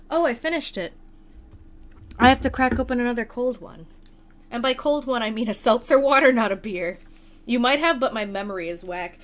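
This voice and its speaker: A young woman streaming a video game late at night, chatting casually with a playful, self-deprecating manner. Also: on the high side.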